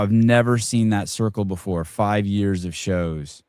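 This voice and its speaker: Rambling, foul-mouthed low-voiced man. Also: a little slow, hardly any pauses, a little mellow, clear, resonant tone, dry recording, clean studio sound. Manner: rambling, profane, joking. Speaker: podcast host. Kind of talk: casual live-stream chat.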